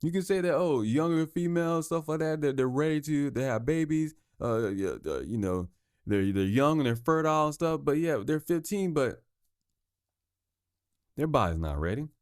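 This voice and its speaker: A man's voice: on the high side, lively intonation, normal speed, a little mellow, clear, resonant tone, no room sound. Male podcast host, solo rant: heated, swears a lot, trips over words, dry close sound. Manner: heated, profane, stumbles and repeats himself.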